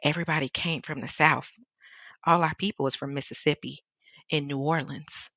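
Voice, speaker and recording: A deep-voiced woman hosts an art livestream from a home studio in Seattle, reading out viewer comments on her painting and laughing a lot as she chats. She's from the American Midwest and has a Chicago accent. Her delivery is fairly even at normal speed, pushed and bright, with no room sound.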